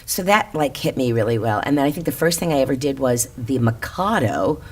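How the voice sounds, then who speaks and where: A woman's voice: very deep voice, lively intonation, fairly quick, a little mellow, husky. An older woman from Florida, a guest actress chatting on a podcast, talking freely with lots of restarts. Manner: chatty, many restarts, drops into mimicked voices. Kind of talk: casual podcast chat.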